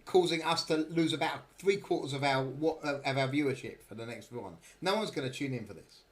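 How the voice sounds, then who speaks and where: A man's voice: medium pitch, a little fast, crowd noise. A man hosting a casual podcast panel, teasing his guests and reading out news items. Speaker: podcast host.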